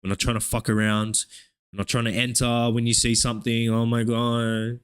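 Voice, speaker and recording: A young man from Australia with an Australian accent, streaming live trading commentary in a profane, hyped play-by-play with excited oohs. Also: mid-range voice, a little fast, smooth. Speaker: live-streaming futures trader.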